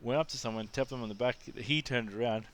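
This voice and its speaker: A man's voice: medium pitch, fairly even intonation, quick pace, slight background noise. A man with an Australian accent telling a blunt, exasperated vlog rant full of restarts. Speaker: vlogger. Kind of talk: casual storytelling rant.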